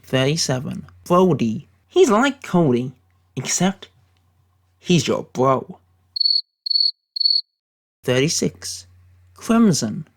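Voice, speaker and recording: Brief: British guy faking an American accent, gravelly, deadpan mock-serious ranking rants. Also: fairly high pitch, takes it slowly, long pauses. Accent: put-on American accent. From Britain. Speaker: YouTube commentator. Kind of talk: satirical tier-list commentary.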